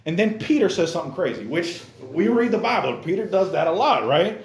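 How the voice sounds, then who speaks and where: Guy preaching in church, bouncy up-and-down voice, kinda high, echoey room, slangy and animated. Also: fairly quick, hardly any pauses. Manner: animated, acts out characters in exaggerated voices; casual, youthful slang. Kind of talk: lively sermon.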